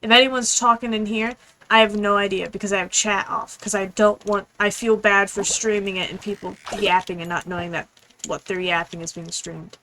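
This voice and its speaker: A young woman streaming a game, chatting casually in a rambling, fast, apologetic way. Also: medium pitch, little pitch movement, bright, forceful tone, rough recording. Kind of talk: casual gaming stream chat.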